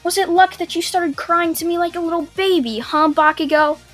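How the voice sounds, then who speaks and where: Young woman voicing a smug teenage boy hero, teasing, high voice. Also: steady tone, moderate pace, fairly bright tone, soft background music.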